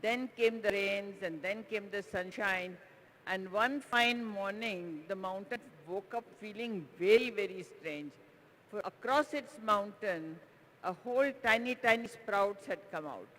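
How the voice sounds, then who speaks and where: A man giving a conference speech, telling a story in an expressive, drawn-out way with lots of repetition. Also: high-pitched. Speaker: conference speaker. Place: conference hall. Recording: reverberant hall, faint background noise.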